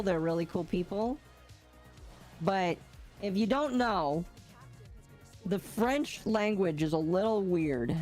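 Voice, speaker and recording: A woman's voice: fairly low pitch, darkish tone. A woman streaming a game and chatting casually, reading and answering chat with playful puns.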